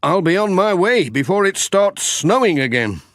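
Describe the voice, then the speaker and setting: Man voicing a cheerful obliging village postman in a storybook, raised and lively. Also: high voice, normal speed, no echo, clean studio sound, pitched above the performer's own voice.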